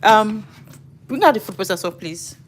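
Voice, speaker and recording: A woman's voice: mid-range voice, lively intonation, normal speed, slight background noise. A middle-aged woman chatting casually while cooking live at home, thinking aloud and correcting herself as she goes. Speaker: home cook and live streamer. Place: home kitchen.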